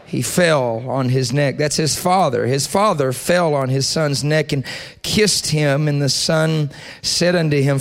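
A young adult man preaching a sermon in a church, leading the congregation in call and response and building to loud prayer. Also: a little high, a little slow. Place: church sanctuary.

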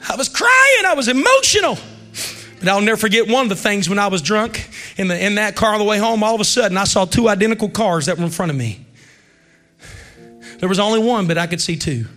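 Preaching to a church congregation with faint music behind him, this man in his thirties swings between loud exhortation and hushed storytelling in his revival sermon. His high voice moves at a fast clip.

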